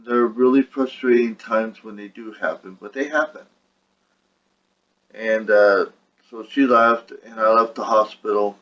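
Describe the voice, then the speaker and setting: A man's voice: lowish voice, steady tone, measured pace, a bit bright, muffled recording. A young man venting about his health in a frustrated, rambling way, talking casually to camera at home. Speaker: vlogger. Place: at home with his dog on his lap.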